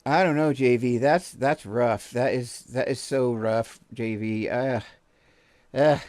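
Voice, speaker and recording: A man's voice: mid-range voice, takes it slowly, a little mellow, dry recording. A man hosting a video reaction show, talking bluntly and casually, swearing now and then and chuckling often.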